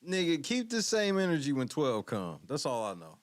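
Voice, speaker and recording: Brief: male host, lively up-and-down delivery, crude jokey asides, noisy background. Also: on the high side, moderate pace. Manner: profane, joking asides. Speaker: show host reacting to clips. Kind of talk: casual commentary over clips.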